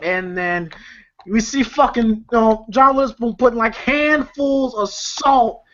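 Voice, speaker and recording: A man's voice: extremely high pitch, measured pace, a bit bright. A man casually retelling movie scenes as a reviewer, rambling with lots of fillers and laughter. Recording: slightly dull lo-fi audio.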